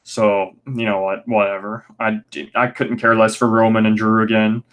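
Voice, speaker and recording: A man's voice: on the low side, level tone, moderate pace, a bit bright. A man hosting a casual review podcast, ranting sarcastically and swearing freely. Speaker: podcast host.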